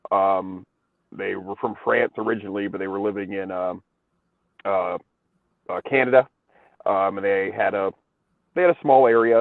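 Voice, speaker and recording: A man's voice: lowish voice, no echo. Casual male co-host, rambly and profane, dry tinny phone-quality sound. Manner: rambling, swears a lot, many fillers. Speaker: podcast co-host.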